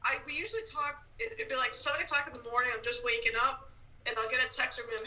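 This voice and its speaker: A man's voice: very high voice, fast, pushed and bright, far from the mic, low-quality recording. A man guesting on a podcast, telling stories in easygoing casual chat. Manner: chatty storyteller, frequent restarts.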